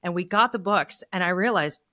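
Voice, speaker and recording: Woman author guest, slightly low voice, explanatory. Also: brisk, sharp tone. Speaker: podcast guest, children's book author. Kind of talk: casual conversational interview.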